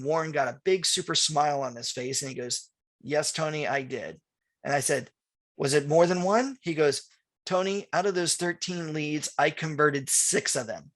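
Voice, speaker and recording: A middle-aged man teaching real estate agents, telling a story with quoted dialogue and answering viewer questions. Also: a little high. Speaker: real estate marketing trainer. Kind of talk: webinar presentation with anecdote and Q&A.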